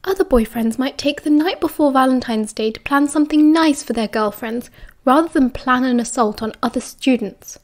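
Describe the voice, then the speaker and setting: A woman reading aloud as a sharp-tongued teenage girl with a slightly high voice, teasing in a dry, playful way. The storybook line comes through plainly, with an easy, unhurried lilt.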